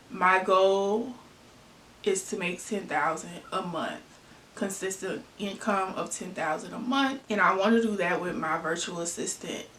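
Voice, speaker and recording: A woman's voice: medium pitch, a bit bright, slight background noise. A woman with a Southern US accent, chatting casually in a get-to-know-me vlog and answering her own questions with fillers and asides. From Southern US (Arkansas/Tennessee). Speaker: vlogger. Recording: echoey room, mic at a distance.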